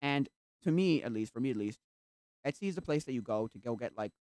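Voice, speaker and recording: A live streamer chatting casually while browsing at the computer, rambling and filling every pause with "like". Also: mid-range voice, expressive, darkish tone, dry recording. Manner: rambling, heavy use of "like".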